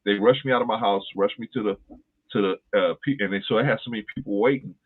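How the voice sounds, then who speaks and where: Man, podcast host, casual storytelling, repeats himself for emphasis, rough breathy voice, low. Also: fast talker. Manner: earnest, repeats phrases for emphasis. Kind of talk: casual chat, personal storytelling. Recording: tinny phone-like line.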